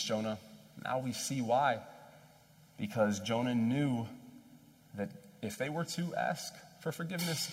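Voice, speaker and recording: A man preaching a sermon in a conversational, animated storytelling way, with self-deprecating asides. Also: fairly low pitch. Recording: long hall reverb.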